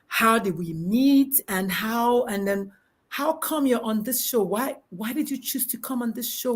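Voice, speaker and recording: Bubbly lady hosting a live chat from her backyard, kinda high pitched, laughs a lot. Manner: bubbly, animated, laughs often, restarts sentences. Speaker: talk show host. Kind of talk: live-streamed casual chat. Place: backyard, outdoors.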